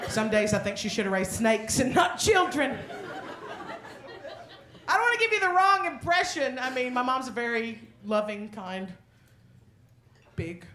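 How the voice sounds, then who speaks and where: Brash high-voiced woman comic. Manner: brash, crude, animated storytelling. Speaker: stand-up comedian. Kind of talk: stand-up set. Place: comedy club stage. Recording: echoey club with loud crowd and noise.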